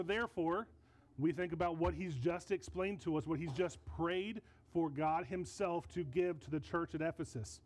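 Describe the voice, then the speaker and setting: Earnest male preacher, warm mid-high voice. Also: rough recording. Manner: earnest, emphatic teaching with repeated words. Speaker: pastor. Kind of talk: sermon. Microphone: handheld or stand mic.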